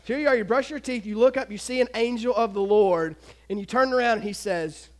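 A man giving a casual, animated youth sermon, retelling a story and acting out the voices of the people in it. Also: high-pitched, brisk. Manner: animated, acts out voices, laughs often.

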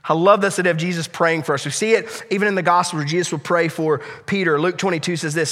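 A male pastor preaching a sermon with passion, swinging from loud appeals to hushed, quiet lines. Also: high voice, fast, hardly any pauses, in a large hall.

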